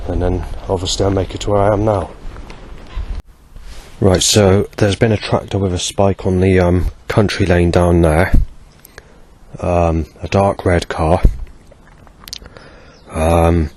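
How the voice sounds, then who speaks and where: A man vlogging a spoken diary outdoors, halting and correcting himself as he goes. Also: deep voice, level tone, a little mellow, a little hiss or hum. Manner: halting, with many restarts and self-corrections. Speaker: vlogger recording a daily log.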